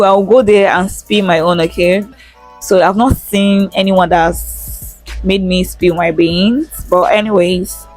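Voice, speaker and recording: Young Nigerian woman, casual vlogger. Frank, chatty, quick to laugh, mid-range voice on a phone mic. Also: mid-range voice. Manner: chatty and frank, swears freely, laughs often, slips into pidgin. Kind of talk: casual chat to camera. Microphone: phone held in hand with small attached mic.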